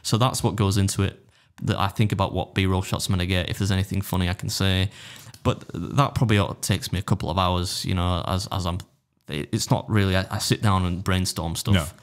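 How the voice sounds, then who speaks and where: A man with a low, deep voice talks quickly in a loose, casual interview. He rambles with plenty of restarts and self-deprecating asides. His tone stays relaxed and conversational. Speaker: food challenge YouTuber, guest.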